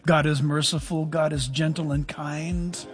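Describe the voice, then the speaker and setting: A middle-aged male pastor preaching a sermon, animated, with sudden drops to soft, low asides. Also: a little slow, music in the background.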